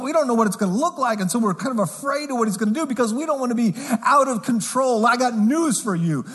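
Male pastor, casual sermon, fairly high voice, lively delivery, goes quiet for emphasis. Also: slightly rough, in a large hall. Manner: animated and conversational, drops low and soft for emphasis.

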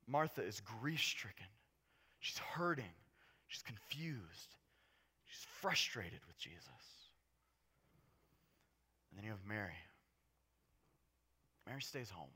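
Animated, jokey man preaching. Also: fairly low pitch, slow pace, long pauses, slightly rough. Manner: animated, jokey, swings from hushed to loud. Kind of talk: casual conversational sermon.

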